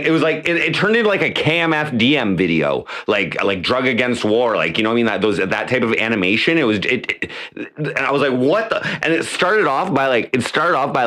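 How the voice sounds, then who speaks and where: A man's voice: medium pitch, fairly bright tone. Rambling, swearing man on a livestream. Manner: rambling and profane, with many restarts. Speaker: livestream host; mayoral candidate. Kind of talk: casual livestream chat. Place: at home.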